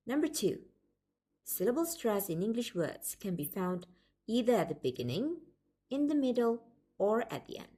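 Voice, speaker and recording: A woman lecturer giving a scripted, measured narration of a language lesson. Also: lowish voice, warm tone, slightly rough. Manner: measured, explanatory.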